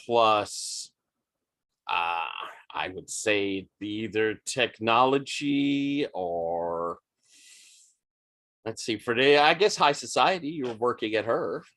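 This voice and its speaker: A man narrating as game master of a tabletop game, unhurried, with frequent ums and uhs. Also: lowish voice, fairly bright tone.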